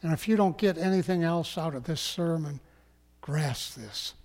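Pastor guy preaching slow, kinda high voice, long echo like a big church hall. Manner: slow, emphatic preaching that drops to hushed tones. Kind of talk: sermon.

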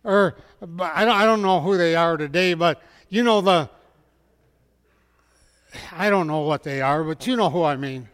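A man's voice: fairly high pitch, unhurried, long pauses, a bit bright, clean tone. A man preaching a storytelling sermon in a folksy way, speaking directly to his listeners. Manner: folksy, addresses the audience directly. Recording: long hall reverb.

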